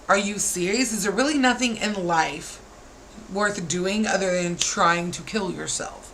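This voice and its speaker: A woman's voice: mid-range voice, measured pace, a bit bright, slight background noise, poor audio. A woman in her thirties, a parent, ranting to camera with exasperated, scolding rhetorical questions. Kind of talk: heated rant to camera.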